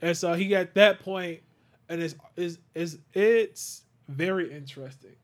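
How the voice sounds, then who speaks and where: A man's voice: sits high, measured pace. A man hosting a casual podcast, chatting loosely and telling stories with acted-out quotes. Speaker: podcast host. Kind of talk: casual chat.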